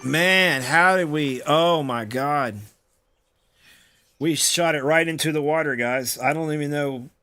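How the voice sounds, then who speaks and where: A man's voice: a little high, measured pace, pushed and bright. A man giving casual gameplay commentary, exasperated and groaning, often repeating himself and swearing. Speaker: gaming streamer.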